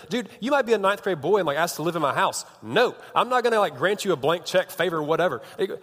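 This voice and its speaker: A man's voice: high voice, very animated, very fast, hardly any pauses, a bit bright. A man in his thirties giving a casual, joking sermon as a youth pastor, chatty and often breaking off mid-sentence. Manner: chatty, joking, self-interrupting. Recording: long reverb of a large hall.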